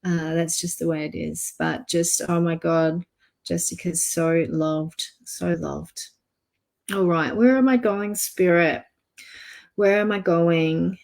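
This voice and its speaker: A soft-spoken woman gives a live psychic reading online. She speaks gently and hesitantly, pausing on fillers as she goes. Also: fairly low pitch, steady tone, creaky. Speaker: psychic reader.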